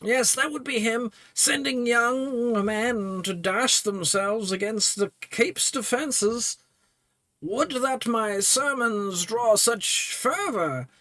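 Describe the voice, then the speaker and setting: A man voicing an aging male priest in a game, with failing eyes and sharp wits, who talks in a fussy, stammering, mildly sarcastic way. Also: very high voice, slow pace, dry recording, pitched above the performer's own voice, full character voice, low-quality recording. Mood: wry, worried.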